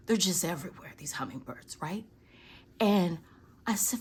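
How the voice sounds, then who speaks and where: A woman chatting casually on her patio as she films hummingbirds. She speaks softly and often drops to a whisper, then breaks into excited bursts. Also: lowish voice, moderate pace, husky. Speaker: vlogger. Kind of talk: casual chat, filming birds on her patio. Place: outdoor patio.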